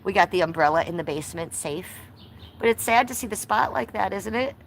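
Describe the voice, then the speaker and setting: Speaking a little fast with an animated, mid-range voice and some vocal fry, this Cleveland woman reads her livestream chat aloud bluntly, with swearing and jokes. She's at home, stepping out into the cold, holding her phone in her hand, and there's a slight hiss or hum on the audio.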